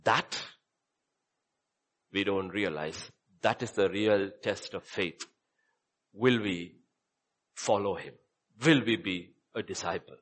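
A man preaching a sermon as a pastor, repeating short phrases and swinging between hushed and loud delivery. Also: sits low, takes it slowly, pauses often.

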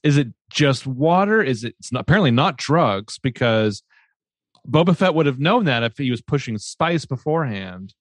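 A man's voice: mid-range voice, sing-song, moderate pace, no room sound, clean studio sound. A man co-hosting a podcast, chatting casually with profane, exasperated ranting. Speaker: podcast co-host. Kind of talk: casual chat.

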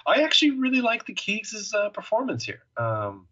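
Bright-voiced, joking male podcast co-host. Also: sits high, wildly swooping pitch, normal speed, muffled recording. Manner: joking, rambling, lots of fillers. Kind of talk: casual chat.

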